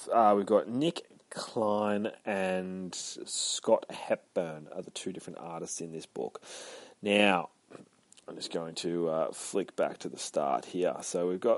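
A man with a lowish voice chats through a comic book review at an easy, rambling pace. He swears freely and gets animated when retelling scenes. The sound is close and dry. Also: unhurried, no room sound.

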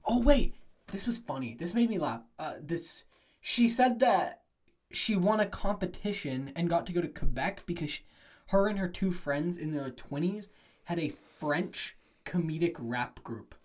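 A young man co-hosting a podcast, chatting casually and telling relaxed stories. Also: fairly high pitch, measured pace. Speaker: podcast co-host. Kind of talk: casual chat.

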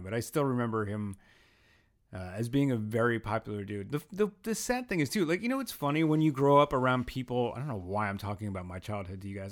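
A young man hosting a casual podcast, rambling and self-deprecating as he talks. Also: medium pitch. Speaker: podcast host.

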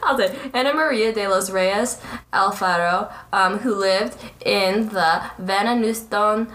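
A woman's voice: medium pitch, measured pace, fairly bright tone, echoey room. A young woman co-hosting a casual true-crime podcast, reading the case aloud, laughing and stumbling over words. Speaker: podcast co-host.

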